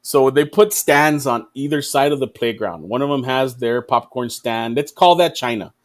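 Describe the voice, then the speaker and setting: A man's voice: medium pitch, normal speed. A man hosting a podcast in casual chat, rambling and swearing often. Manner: rambling, profane, laughs often. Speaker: podcast host.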